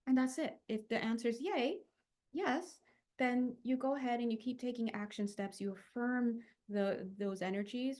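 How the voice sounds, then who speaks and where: A young woman leading a spiritual healing talk, chatty and animated, with many fillers and restarts. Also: fairly high pitch, moderate pace. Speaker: spiritual teacher.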